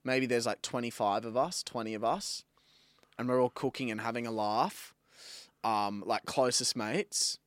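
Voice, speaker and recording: A man's voice: mid-range voice, unhurried, no echo. A young man in his twenties with an Australian accent, co-hosting a podcast with crude, joking banter. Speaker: podcast co-host. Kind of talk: casual chat.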